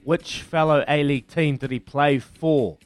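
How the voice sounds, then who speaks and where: A man with a New Zealand accent runs a radio quiz from the studio, matey and teasing with callers. His voice sits a touch high for a man, with faint music underneath. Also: steady tone, measured pace, smooth. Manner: matey and teasing, counts down aloud.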